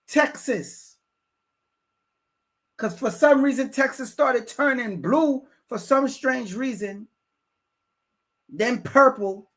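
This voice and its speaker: A man's voice: very high-pitched, a bit bright. A man reacting to a news clip on a live stream, preaching at his viewers and repeating himself to drive each point home.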